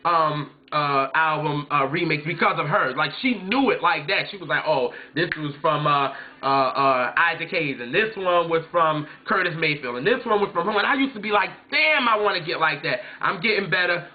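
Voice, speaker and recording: A man's voice: on the high side, lively intonation, moderate pace, hardly any pauses. A man vlogging casually about music, telling stories, imitating his mom and singing snatches of songs. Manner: chatty, storytelling, often mimics his mom and sings snatches. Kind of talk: casual chat. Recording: tinny phone-like sound.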